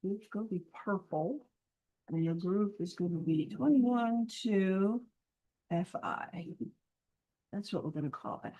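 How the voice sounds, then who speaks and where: Slow-talking woman thinking aloud. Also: mid-range voice, dark tone, low-quality recording. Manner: mumbles half-finished counts to herself. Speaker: film event organizer. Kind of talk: thinking aloud while working.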